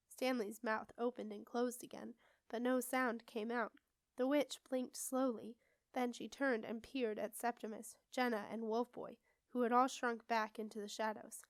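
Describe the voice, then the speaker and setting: A woman reading a children's fantasy novel aloud in steady, expressive storybook narration. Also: a little high, a little slow, no echo. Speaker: audiobook reader.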